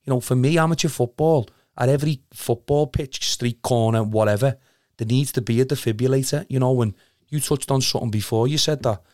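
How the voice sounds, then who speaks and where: A man's voice: medium pitch, brisk, darkish tone, dry recording, clean studio sound. A young man with a Liverpool accent telling an emotional story in casual chat, rambling, earnest and swearing a lot. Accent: Liverpool (Scouse). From Liverpool, England.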